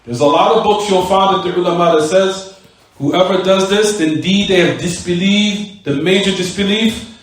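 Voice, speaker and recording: A man's voice: high voice, normal speed. A man teaching a mosque class, who keeps asking his students "what?" and repeats key words for stress. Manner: rhetorical questions to students, "what?" prompts. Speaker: religious teacher. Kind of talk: recorded Islamic class lecture. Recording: very echoey room, voice from far off.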